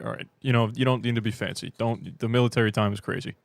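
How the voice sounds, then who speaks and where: A British man with a low, gravelly voice, rambling through a casual livestream and reading out viewer comments. His delivery is loose and self-mocking, full of restarts. The sound is dry and close. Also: steady tone, quick pace, dry recording. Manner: rambling and joking, self-deprecating, with many restarts. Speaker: fan channel livestream host.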